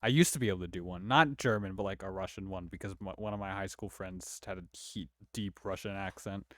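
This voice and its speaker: A man's voice: deep voice, brisk, a bit bright, no echo, clean studio sound. A young man casually chatting while streaming a game, slangy and loose. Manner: casual, slangy, says bruh. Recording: game music behind.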